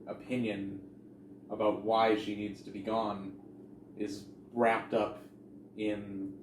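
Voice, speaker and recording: A man's voice: lowish voice, level tone, slow pace. A man co-hosting a casual movie podcast, talking in a wry, sarcastic way and laughing often. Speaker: podcast co-host. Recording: echoey room, faint noise.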